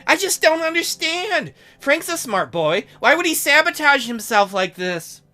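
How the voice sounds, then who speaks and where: A man's voice: very high voice, big pitch swings, measured pace, pushed and bright, soft background music, pitched above the performer's own voice, full character voice. A man voicing an anxious middle-aged wife and first lady who pleads about her son's future. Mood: worried.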